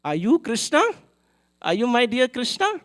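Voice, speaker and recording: An old village fruit-seller woman, as a man puts her on while telling a temple story, her voice pitched high and pleading. She cries out with raw, desperate devotion. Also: big pitch swings, normal speed, a bit bright, heavily acted. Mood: overjoyed, pleading. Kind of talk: storytelling in a sermon.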